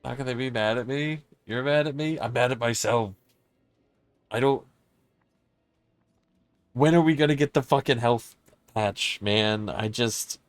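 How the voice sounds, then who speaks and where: A man's voice: medium pitch, unhurried, pauses often, dry recording. A man streaming a horror game live, talking frankly and swearing as he mulls over a confusing match. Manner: frank, swearing, puzzled and self-critical. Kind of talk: casual gameplay commentary.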